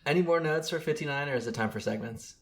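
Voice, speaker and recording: A man's voice: on the high side, fast. A man co-hosting a podcast in casual chat, enthusiastic and rambling, often restarting his sentences. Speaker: podcast co-host.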